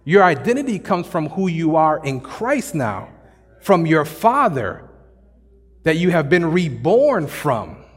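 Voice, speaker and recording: Male pastor, high voice, casual and jokey delivery, long church reverb. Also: sing-song, slow pace, breathy edge. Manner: conversational, joking, slangy preaching. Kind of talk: sermon. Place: church sanctuary.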